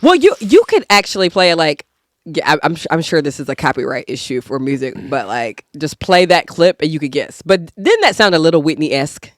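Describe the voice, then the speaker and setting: A woman hosting a podcast in casual chat, playful and expressive, quick to slip into impressions. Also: low-pitched, no room sound, clean studio sound. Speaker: podcast host.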